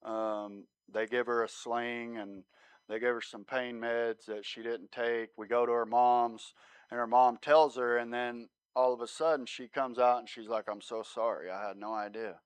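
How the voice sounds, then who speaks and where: A man giving his sermon testimony as a relaxed story, often checking in with "right?". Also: mid-range voice, unhurried, clean tone, no room sound. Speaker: guest speaker sharing his testimony.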